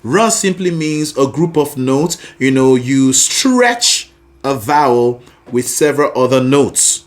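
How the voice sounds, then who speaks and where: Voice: mid-range voice, lively intonation, slow pace. A singing teacher giving a vocal lesson, encouraging the learner and singing short example phrases between explanations. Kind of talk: vocal lesson with sung demonstrations.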